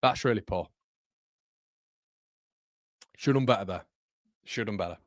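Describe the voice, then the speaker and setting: Excitable man hosting a football watchalong. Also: fairly low pitch, moderate pace, no echo, clean studio sound. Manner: excitable, chatty, swings between shouting and muttering. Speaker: watchalong host. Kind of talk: live match watchalong commentary.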